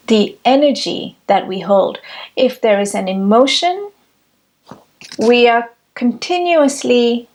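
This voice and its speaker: A woman giving a reflective spiritual teaching talk, with measured, deliberate phrasing. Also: medium pitch. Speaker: spiritual speaker.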